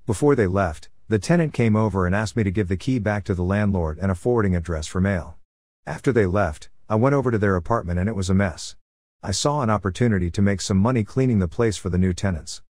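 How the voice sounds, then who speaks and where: A man with a low voice recounts an old episode from his life in a calm, matter-of-fact storytelling manner. The sound is dry and close, with no room around it. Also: fast talker, no room sound. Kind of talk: first-person storytime narration.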